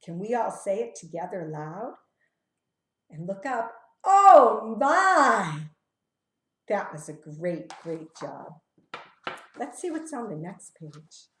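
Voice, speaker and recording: A woman reading a picture book aloud to young children, asking them questions and leading hand games in a gentle, coaxing way, sometimes dropping to a whisper. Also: on the low side, lively intonation. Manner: drops to a whisper at times, sings slowly. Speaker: children's storyteller. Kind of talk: interactive children's story reading. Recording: roomy echo.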